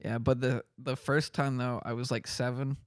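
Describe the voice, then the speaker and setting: A man's voice: level tone, moderate pace, no room sound, clean studio sound. Young man telling stories on a podcast. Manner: storytelling with high-pitched impressions of others. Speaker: podcast co-host. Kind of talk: casual chat.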